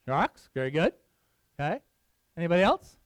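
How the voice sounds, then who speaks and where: A man's voice: on the high side, sing-song, normal speed, no room sound. A middle-aged man preaching a casual sermon, chatting with his listeners, asking them questions and laughing often. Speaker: pastor.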